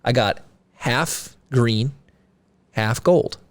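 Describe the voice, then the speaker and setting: A man's voice: medium pitch, drawn-out words. A man co-hosting a podcast, telling stories in a rambling, playful way, full of fillers. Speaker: podcast co-host. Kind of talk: casual chat.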